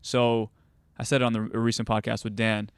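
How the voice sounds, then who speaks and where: A young man who coaches goalkeepers and hosts tells stories casually, brisk in pace, with plenty of fillers and restarts. His medium-pitched voice barely moves in pitch and has a clean tone on a dry recording.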